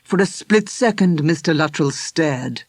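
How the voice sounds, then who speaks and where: A man's voice: a little high, lively intonation, measured pace, no room sound, clean studio sound. A man narrating an audiobook in a tense, vivid storytelling manner. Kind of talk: scripted narration.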